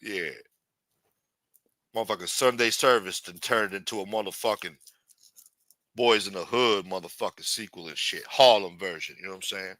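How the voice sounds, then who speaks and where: In improvised comic role-play, a man plays a threatening adult street hustler, menacing, profane, and taunting with streetwise swagger. His deep voice sounds pushed and bright, at a moderate pace with long pauses, in a dry recording.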